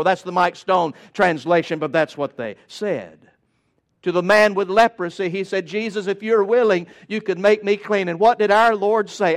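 A man's voice: high voice, normal speed. A male preacher delivering a sermon in an emphatic, rhythmic cadence with touches of folksy humor.

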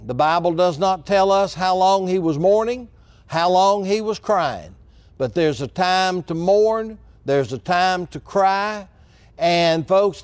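A middle-aged man preaching a sermon as a pastor. He talks earnestly, slows down for emphasis and repeats key phrases. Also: fairly high pitch, dry recording.

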